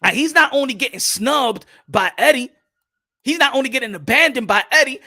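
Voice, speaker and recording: A man in the host's seat of a boxing live stream delivers a fired-up, profane rant. His voice sits very high and sounds bright and forceful. He stumbles and repeats words as he keeps breaking off to greet people in the chat. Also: expressive, a little fast. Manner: greets chat viewers by name mid-rant. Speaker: boxing commentary host.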